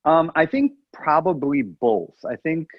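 A man's voice: on the high side, big pitch swings, unhurried, gravelly, no echo, dull audio. A man from the American Midwest co-hosting a podcast in casual chat, rambling and musing aloud. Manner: rambling, restarts and muses aloud. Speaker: podcast co-host.

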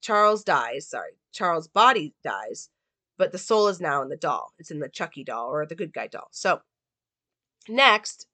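A woman's voice: sits low, sing-song, moderate pace, pushed and bright, no room sound. A woman giving a casual analysis and plot recap of a film, talking loosely with many "like" and "um" fillers.

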